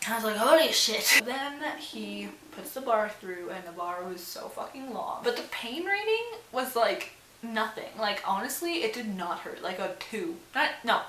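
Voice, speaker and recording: A woman's voice: medium pitch, sing-song, moderate pace, pushed and bright. A young woman chats to camera, rambling through a story with loose fillers and casual swearing. Her voice bounces around a roomy space, and a faint hiss sits under the recording. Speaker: vlogger.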